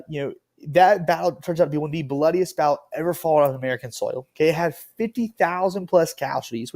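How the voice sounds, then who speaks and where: A man's voice: mid-range voice, warm tone. A man teaching a history lesson in a casual, rambling way, with lots of fillers and frequent "okay?" check-ins. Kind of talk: classroom lecture.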